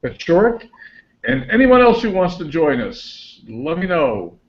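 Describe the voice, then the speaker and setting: A man's voice: a little high, very animated, measured pace, muffled recording. A man hosting an online discussion group on a video call, chatty and thinking aloud as he sorts out the tech.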